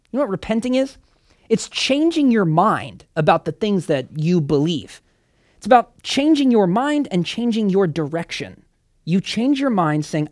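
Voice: medium pitch, dry recording, clean studio sound. A preacher giving a sermon in a conversational way, emphatic and asking the listeners direct questions. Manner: conversational, with casual fillers. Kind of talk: sermon teaching.

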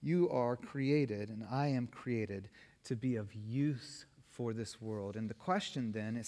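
A man's voice: medium pitch, slow pace, darkish tone. A man preaching a sermon as pastor, with emphatic delivery that rises and falls in force. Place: church sanctuary. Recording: long reverb of a church hall.

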